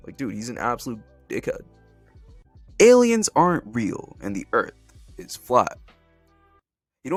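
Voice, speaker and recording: A man's voice: medium pitch, no echo. Young guy doing a sweary mocking rant, dry close mic, faint music behind. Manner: angry, profane, mocking. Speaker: commentary YouTuber. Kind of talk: ranting commentary.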